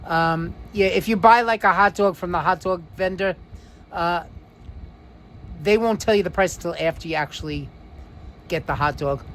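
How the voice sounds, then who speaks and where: A man's voice: high-pitched, a bit bright, slight background noise. A man with a New York accent hosting a live stream, reading viewer comments aloud and running a quiz in a chatty way, drawing out key words and using lots of fillers. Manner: chatty, drawn-out emphasis, frequent fillers. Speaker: livestream host.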